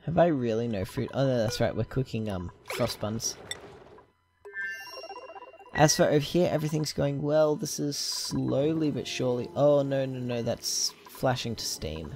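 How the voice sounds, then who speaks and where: A man's voice: mid-range voice, a little slow, over music. A man giving casual gameplay commentary, thinking aloud with lots of ums and side tangents. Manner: rambling, thinking aloud with many fillers. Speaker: gameplay video host.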